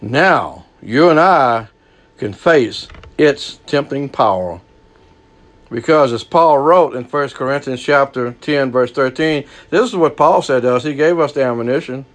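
A man preaching a sermon, folksy and lively, swinging from hushed lows to loud highs. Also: measured pace.

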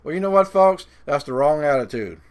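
A folksy preacher with a fairly high, smooth voice and lively intonation delivers his sermon. He mocks skeptics in a put-on voice and slows with dramatic pauses to drive home the verses he reads.

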